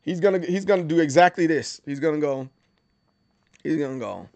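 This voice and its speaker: A man's voice: a little high, fairly quick, gravelly, long pauses, a little mellow, no room sound. A man hosting a livestream, chatting casually and animatedly, with many stammered restarts and bursts of mock outrage. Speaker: livestream host.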